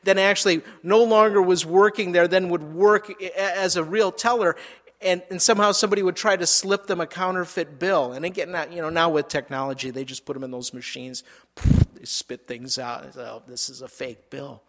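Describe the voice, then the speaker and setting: A man's voice: high-pitched, steady tone, brisk, a bit bright. A man preaching a sermon, reading scripture verses aloud and explaining them, with frequent small repetitions. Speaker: pastor.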